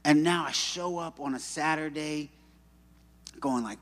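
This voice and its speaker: A man preaching a sermon, telling stories and acting out quotes with animated delivery. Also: a little high, measured pace. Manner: animated storytelling with acted-out quotes. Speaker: pastor. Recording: long reverb of a church hall.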